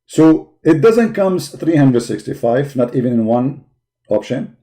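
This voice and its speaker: A man's voice: medium pitch, lively intonation, a little slow, mellow. A man hosting a live call-in debate stream, mocking and insulting his opponents with emphatic repetition, his voice tired. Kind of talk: combative livestream commentary while searching a website.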